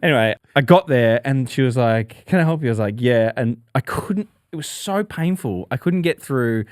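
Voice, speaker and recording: Animated man telling a story. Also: moderate pace, no room sound, clean studio sound. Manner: animated, jumps into high-pitched voices for quoted people. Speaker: podcast co-host. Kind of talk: casual storytelling chat.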